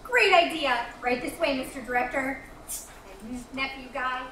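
Woman as a flustered chirpy clerk, very high voice, staged reading, distant echoey mic. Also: normal speed, pushed and bright, slight background noise. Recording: echoey room, mic far.

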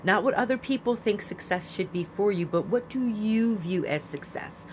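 A woman's voice: medium pitch, lively intonation, moderate pace, a little hiss or hum. A woman giving a chatty, repetitive spiritual astrology talk with emphatic phrasing. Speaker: astrology vlogger. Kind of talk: casual spiritual monologue.

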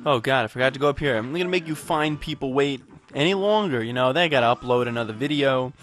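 A man's voice: medium pitch, fast, fairly bright tone. A man giving casual gameplay commentary, frustrated and profane, rambling while a bit tipsy. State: tipsy from drinking. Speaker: let's play gamer.

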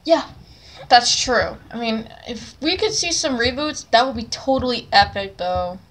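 A woman's voice: a little high, measured pace, fairly bright tone. A young woman hosting a casual chat, rambling with lots of fillers and talking with enthusiasm. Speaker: channel host.

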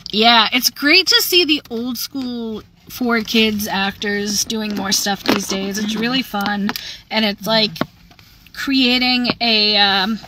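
A high, bright-voiced woman chats casually on a livestream as a voice actor. She is bubbly and rambling, full of fillers. A faint noise floor sits behind her. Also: fairly even intonation, takes it slowly, low-quality recording. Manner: bubbly, chatty, laughs often, trails off with fillers. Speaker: voice actor doing fan Q&A.

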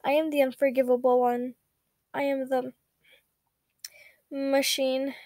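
A woman's voice: sits high, little pitch movement, slow pace, darkish tone, no room sound, clean studio sound. A woman reading the lines of a cold, logical young man in a formal, restrained manner. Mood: formal, weary.

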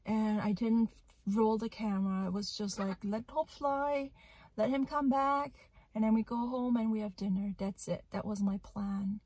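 A young woman retells a frightening incident outdoors in a park in a casual vlog. She sounds shaken and emotional and breaks into loud outbursts. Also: a little high, steady tone, normal speed, husky, no room sound. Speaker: parrot vlogger.

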